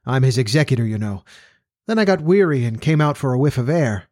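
A man's voice: mid-range voice, a little fast, a little mellow, no echo, lightly acted. Man reading as young scientist, easygoing, light delivery, dry sound. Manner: light, natural, easy talk.

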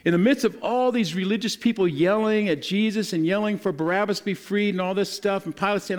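Man, pastor, sermon, animated storytelling, high voice. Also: a little fast, few pauses. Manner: animated storytelling, acting out scripture scenes in a casual modern voice.

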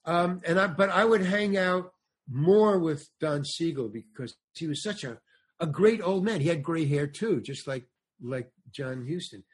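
A man's voice: on the high side, measured pace, slightly rough. An older man with a slightly raised voice rambles through a story from his acting days. He slips into the voices of the people he quotes and keeps circling back with restarts and asides. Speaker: guest, comedian and actor. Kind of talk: anecdotal interview storytelling.

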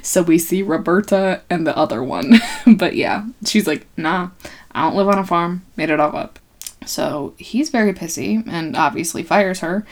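A young woman talks through an old film in a relaxed, joking way. She laughs a lot, uses slang, and briefly acts out what the characters say in snappy voices. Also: lowish voice, moderate pace. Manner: chatty, laughs often, slangy, acts out quotes. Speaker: podcaster recapping a film. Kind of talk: casual comedic film recap.

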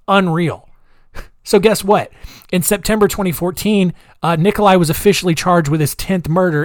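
A male host telling a true crime story in a casual, chatty way, sarcastic and quick to laugh. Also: a little high, no room sound, clean studio sound. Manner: chatty, laughs at his own jokes, sarcastic.

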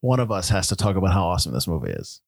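A man co-hosting a casual movie podcast, a sarcastic and animated critic. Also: sits low, racing, creaky, no room sound. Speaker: podcast co-host.

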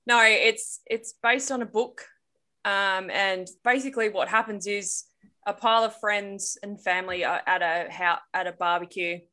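A woman on a podcast explains a story in a loose, rambling way, full of "um" and "like". Her voice is bright and clear at a middle pitch. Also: fairly even intonation, moderate pace. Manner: rambling explanation with many fillers and restarts. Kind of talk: casual podcast chat.

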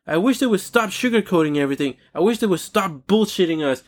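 A man's voice: high voice, animated, fast. A man hosting a podcast, delivering a heated solo rant full of swearing and repeated lines for emphasis. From United States. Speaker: podcast host.

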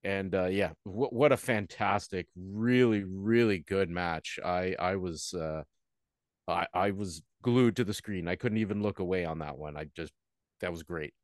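A man's voice: low-pitched, measured pace, dry recording, clean studio sound. Rambling male podcast co-host. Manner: rambling, with frequent fillers and restarts. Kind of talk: casual podcast chat.

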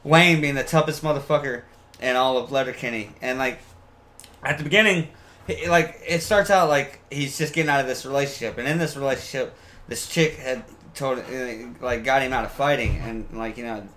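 A man's voice: medium pitch, pushed and bright. A man who has been drinking chatting casually, rambling and swearing, stopping and restarting often. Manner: rambling, profane, halting with fillers. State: tipsy from beer. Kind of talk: casual chat.

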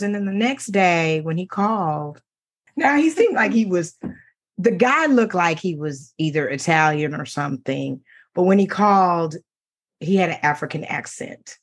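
Brief: middle-aged woman talk show co-host, husky, animated storyteller, laughs a lot. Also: mid-range voice, a little slow. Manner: animated, laughing, voices quoted men. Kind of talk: casual storytelling chat.

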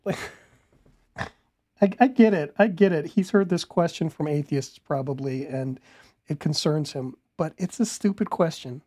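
A man's voice: on the high side, normal speed, warm tone. A man commenting casually on a video he is watching, interrupting it with incredulous, laughing rebuttals.

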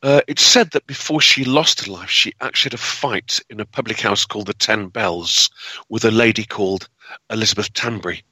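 Bright-voiced guy telling an old crime story, dramatic, lots of ums and uhs, dry close mic. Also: on the low side, brisk, breathy edge, no echo, rough recording. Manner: dramatic, with frequent fillers and restarts. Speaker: historical storyteller. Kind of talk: spoken history storytelling.

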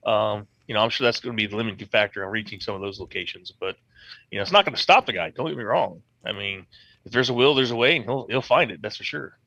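A man speaking as a podcast guest in an earnest, easygoing way. His speech is full of fillers and the occasional swear word. His voice is bright and forceful, and the sound is dry and close. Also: lowish voice, quick pace, creaky, slightly rough, no echo. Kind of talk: casual chat.

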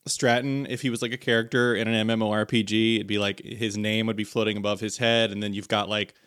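A man's voice: on the low side, little pitch movement, fast, fairly bright tone, smooth, no room sound, clean studio sound. A man co-hosting a podcast, chatting casually, joking and laughing along. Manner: joking, laughing, adds quips. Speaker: podcast co-host. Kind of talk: casual chat.

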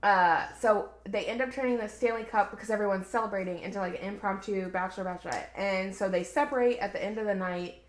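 A woman's voice: medium pitch, fast talker, few pauses, reverberant. A woman co-hosting a podcast, casually recapping a book in a chatty, rambling way with lots of "like.". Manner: chatty, rambling, heavy use of "like". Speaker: podcast co-host.

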